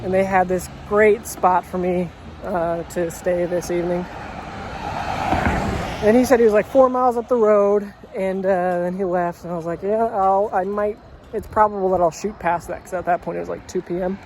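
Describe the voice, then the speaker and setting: Man, casual walking vlog, wry self-mocking chat, outdoors, clear traffic noise. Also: sits high, fairly even intonation, normal speed. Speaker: walking vlogger. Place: outdoors by a road.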